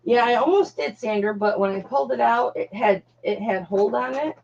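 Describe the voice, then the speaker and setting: A woman's voice: fairly high pitch, normal speed, creaky, darkish tone. A woman hosting a live online jewelry auction, chatting casually and calling viewers darling, honey and doll. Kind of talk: casual live-stream selling chat. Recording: dull lo-fi sound.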